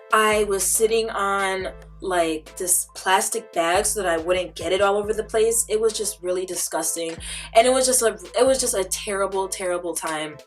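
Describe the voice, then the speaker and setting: A woman vlogger telling a story casually, animated and dramatic, with lots of "like" fillers. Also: mid-range voice. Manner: chatty, filler-heavy.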